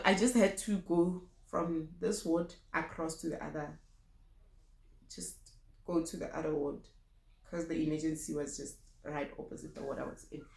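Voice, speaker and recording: A young South African woman tells a personal story in a vlog, candid and emotional, often breaking off and starting her sentences again. Her voice sits on the lower side, and the recording has a noticeably echoey room sound. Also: creaky. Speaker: vlogger.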